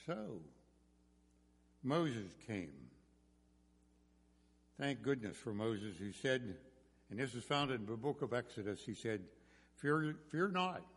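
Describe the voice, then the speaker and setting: A preacher retells a Bible story in his sermon, swinging from loud bursts to quiet asides. His pitch rises and falls expressively. A long reverb trails his voice through the hall. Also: expressive, takes it slowly, pauses often, husky.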